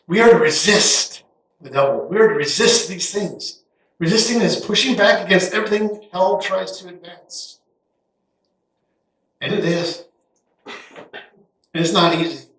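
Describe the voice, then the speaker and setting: A man's voice: high-pitched, far from the mic. Folksy preaching man in an echoey church. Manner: folksy and animated, acting out Bible characters in quick asides. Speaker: guest pastor. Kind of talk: sermon. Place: church sanctuary. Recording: echoey church hall, voice heard from afar.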